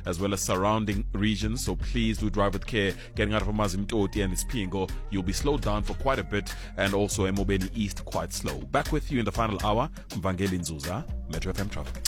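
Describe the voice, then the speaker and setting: A man with a South African accent reading a radio traffic report, going through roads and delays briskly. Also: on the low side, over music. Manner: brisk, reads road by road.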